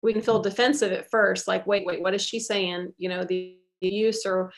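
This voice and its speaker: A woman's voice: medium pitch, gravelly. A woman giving an earnest, encouraging faith talk on soul care and answering questions, often repeating her key phrases. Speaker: guest speaker on soul care. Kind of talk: faith teaching with Q&A.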